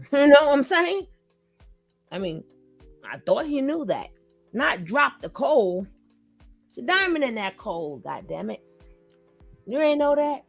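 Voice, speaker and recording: Blunt, mocking woman host doing reaction commentary, fairly high voice with a gravelly edge.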